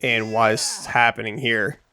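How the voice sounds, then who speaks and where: Co-hosting a gaming show, a man chats casually while playing a video game, telling a rambling story and voicing the people in it. His fairly low voice barely shifts in pitch, comes out slow, bright and forceful, with no echo. Faint game music plays behind him.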